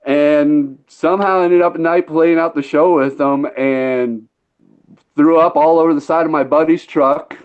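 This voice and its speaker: A man's voice: a little high, steady tone, a little slow, smooth, muffled recording. A man telling a long story in casual chat, laid-back and rambling, swearing freely. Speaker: podcast host.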